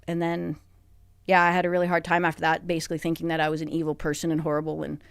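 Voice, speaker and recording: A middle-aged woman, a podcast guest recounting a hard time in a halting, emotional way with many restarts. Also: deep voice, monotone, vocal fry, clean tone, dry recording, studio quality. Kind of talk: personal interview. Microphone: studio microphone.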